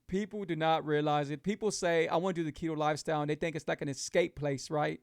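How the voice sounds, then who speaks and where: A middle-aged man with a drawl sits close to the mic and talks to his viewers in a casual live chat. His voice sits unusually high for a man, and the sound is dry and close, with no room around it. He hammers his points home and repeats them like a preacher. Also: no room sound. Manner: emphatic, repetitive, preachy encouragement. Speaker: host of a keto lifestyle show.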